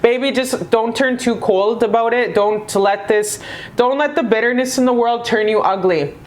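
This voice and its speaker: A woman's voice: a little high, moderate pace. A woman reading tarot in casual chat, effusive and affectionate, swearing freely as she talks to viewers. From Canada. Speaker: tarot reader.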